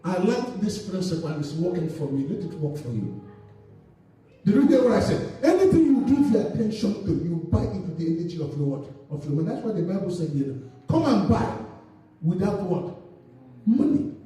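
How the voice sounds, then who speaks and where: A high, mellow-toned man preaches a sermon and keeps asking his congregation to complete his sentences. He sounds distant from the mic, his voice ringing through a very echoey church hall, with faint music underneath. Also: big pitch swings, a little fast. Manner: call-and-response preaching, asks the congregation to finish his sentences. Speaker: pastor. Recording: echoey hall recorded from far off.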